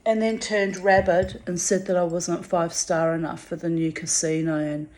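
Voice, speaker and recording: A woman's voice: fairly low pitch, flat delivery, darkish tone. A woman telling a personal story in a candid spoken monologue, dramatic and profane, drawing out words for emphasis. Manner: theatrical and profane, with drawn-out emphasis.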